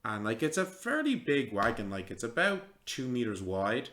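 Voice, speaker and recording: A man narrating a tabletop game as game master, relaxed and halting with frequent ums. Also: medium pitch, a crowd in the background.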